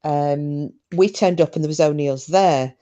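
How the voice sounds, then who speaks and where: A woman's voice: sits low, moderate pace, mellow, muffled recording. A woman hosting a podcast, telling a story in a chatty, rambling way with frequent ums. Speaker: podcast host. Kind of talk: casual chat.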